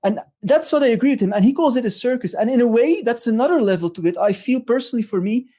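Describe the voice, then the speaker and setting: Mellow, halting, reflective co-host. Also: medium pitch, animated. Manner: reflective, halting, searching for words. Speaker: podcast co-host. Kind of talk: casual chat.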